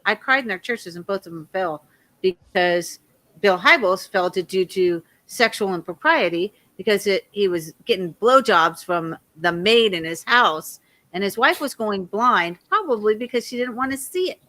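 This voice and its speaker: A loud, animated woman in her fifties rambles through a story as an interview guest. Her voice is bright and forceful, at an ordinary middle pitch for a woman. She laughs often between her lines. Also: moderate pace.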